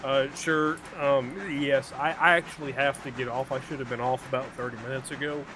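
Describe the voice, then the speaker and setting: A man's voice: mid-range voice, flat delivery, brisk, sharp tone. A man chatting casually with friends over voice chat while playing a game, loose and joking. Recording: noisy voice-chat mic.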